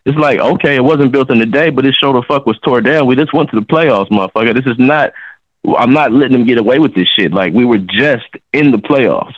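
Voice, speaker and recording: A man's voice: medium pitch, fairly quick, no echo, dull audio. A man, a guest, ranting heatedly and swearing a lot in casual sports talk on a podcast. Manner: fired-up, ranting, heavy swearing. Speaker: guest commentator.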